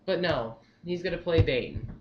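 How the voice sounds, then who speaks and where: A young man talks through his opinions in a loose, excitable ramble, circling back on his points. The recording sounds dull and lo-fi, with a faint hum of room noise underneath. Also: on the high side, a little slow. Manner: rambling, repeats "I mean", excitable. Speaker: vlogger. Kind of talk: casual opinion vlog.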